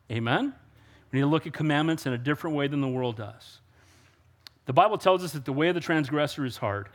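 A man preaching a sermon in an emphatic way, often calling out for an amen. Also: a little high. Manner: emphatic, rising to loud exclamations and call-and-response. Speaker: pastor.

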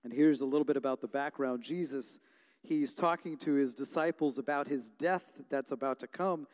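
A man in his thirties, a pastor preaching a sermon and telling stories with lively energy. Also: medium pitch, moderate pace. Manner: storytelling, animated when retelling family moments. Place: church hall. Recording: long reverb of a large hall.

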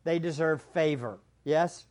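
Man, preaching, drops soft then rises loud, unhurried, higher pitch. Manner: preaching with sweeping swings between quiet and loud. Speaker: pastor. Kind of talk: sermon.

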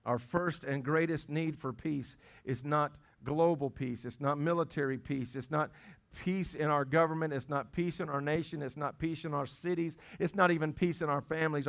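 A man's voice: on the high side, steady tone, normal speed. A middle-aged man, a pastor, preaching a sermon in a conversational way, with stammered restarts and phrases repeated for stress.

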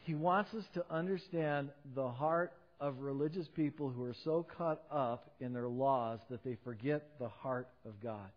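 A middle-aged man pastor preaching a sermon, swinging between loud emphatic peaks and low quiet drops. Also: measured pace, hardly any pauses. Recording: dull sound with long hall reverb.

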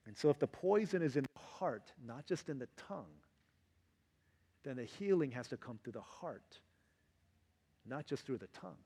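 Husky animated preacher in a reverberant hall. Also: male voice, medium pitch, normal speed, pauses often. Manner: animated, acts out quotes in varied voices. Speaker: pastor. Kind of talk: sermon.

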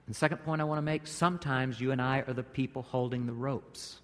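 A pastor preaching a sermon, telling the story vividly, jumping to loud bursts and dropping to quiet asides. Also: male voice, mid-range voice, steady tone, quick pace. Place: church sanctuary during a service. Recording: long reverb of a large hall.

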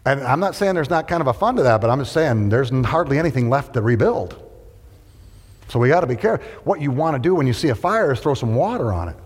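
A man's voice: mid-range voice, fast talker, breathy edge. A man preaching a sermon to a room full of people, asking questions and having them answer back. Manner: animated, rhetorical questions and call-and-response. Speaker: pastor. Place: large hall with an audience. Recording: long hall reverb.

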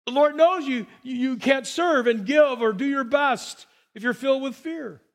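A man preaches with a strikingly high voice. He tells stories full of quoted dialogue and swings from excited outbursts to low, hushed emphasis. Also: normal speed. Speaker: pastor. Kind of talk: sermon.

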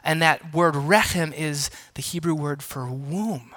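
A man's voice: on the high side, measured pace, fairly bright tone, no echo. A man preaching a sermon as a pastor, teaching playfully and asking the congregation to repeat words and join in. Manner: engaging teacher, asks congregation to respond; playful self-deprecating asides.

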